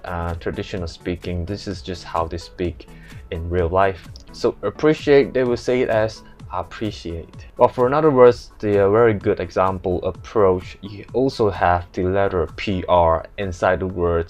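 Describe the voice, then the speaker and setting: A young Malaysian man explaining English pronunciation in a casual lesson, listing example words one by one and then repeating them. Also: lowish voice.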